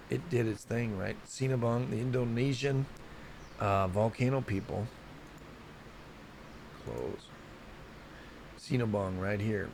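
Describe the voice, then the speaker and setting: Brief: American male host, casual and rambling, gravelly edge, mid pitch, faint noise behind. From United States. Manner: rambling, folksy, talks to viewers. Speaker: host of a science news show. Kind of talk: casual live commentary.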